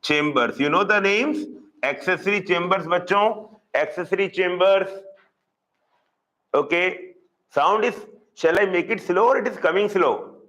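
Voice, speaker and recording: Indian guy teaching zoology online, says stuff over and over, kinda higher voice. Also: bright, forceful tone, poor audio. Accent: Indian English. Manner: repetitive, drilling key terms slowly. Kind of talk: live online lecture.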